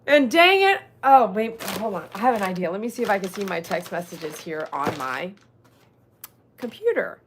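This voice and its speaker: Speaking fairly quickly with few pauses, a middle-aged Texan woman in a lowish voice chats with livestream viewers about dog grooming, reading out their messages and joking around. Slight background noise can be heard.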